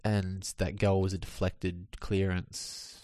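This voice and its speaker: Male podcast co-host, lowish voice, dry and chatty, close dry mic. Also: little pitch movement, takes it slowly, warm tone, no room sound. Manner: chatty, dry humour, many fillers. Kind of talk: casual football chat.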